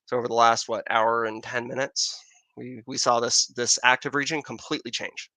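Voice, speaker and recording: Gravelly, bright-voiced American man chatting. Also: medium pitch, steady tone, normal speed, no room sound. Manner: chatty, rambling, answers viewer questions. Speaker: astrophotography livestream host. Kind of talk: casual live-stream chat. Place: outdoors in Arizona with a telescope.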